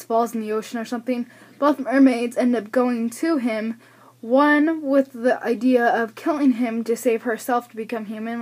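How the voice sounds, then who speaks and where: Recorded through a camera's built-in mic, a young woman from the United States chats her way through a book haul vlog. Her voice is on the high side and a little mellow; she pokes fun at herself and sounds slightly breathless.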